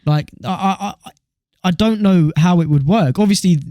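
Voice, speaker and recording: A young man with a British accent co-hosting a podcast and telling stories in lively casual chat, swearing freely. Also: sits high, moderate pace, no room sound, clean studio sound. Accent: British English. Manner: animated storyteller, swears freely. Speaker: podcast co-host.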